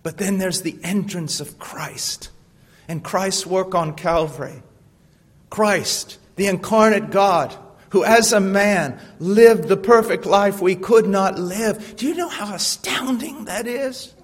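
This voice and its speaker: Impassioned preacher in a reverberant hall. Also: male voice, high voice, takes it slowly. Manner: impassioned, rhetorical questions, swings from hushed to loud. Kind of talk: sermon.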